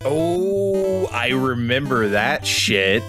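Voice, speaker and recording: A man's voice: medium pitch, sing-song, drawn-out words, over music. A man in his forties co-hosting a podcast in casual chat, telling stories and laughing often. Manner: laughing storyteller. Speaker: podcast co-host.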